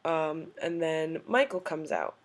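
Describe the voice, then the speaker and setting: A young adult woman telling a story in a casual vlog, gushing and excitable, full of "like" and "um". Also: low-pitched, slow. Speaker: vlogger.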